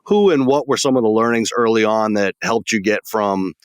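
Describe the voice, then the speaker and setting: A man's voice: fairly low pitch, normal speed, clean tone, no echo. A man co-hosting a podcast, asking questions in a chatty, jokey way. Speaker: podcast co-host. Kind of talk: casual interview talk.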